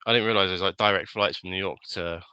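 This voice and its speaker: A man's voice: low voice, quick pace, smooth, no echo, muffled recording. A young British man co-hosting a podcast, chatting casually and telling stories with little impressions of people. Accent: British English. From Britain. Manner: animated storytelling, mimics others. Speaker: podcast co-host. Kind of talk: casual chat.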